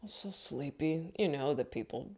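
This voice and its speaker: A woman stand-up comedian chatting straight to camera in a loose, rambling vlog monologue. Her voice sits a little low for a woman. She keeps restarting her sentences and laughing at her own stories. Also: lively intonation, normal speed, warm tone, breathy edge. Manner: chatty and rambling, with frequent self-corrections and laughs.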